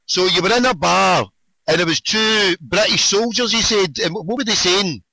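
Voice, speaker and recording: A man's voice: high voice, moderate pace, vocal fry, bright, forceful tone, dry recording, rough recording. A Glaswegian man hosting a casual podcast from his car, swearing and enthusing at his guest. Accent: Scottish, Glasgow. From Scotland. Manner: profane, laughing, enthusiastic. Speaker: podcast host.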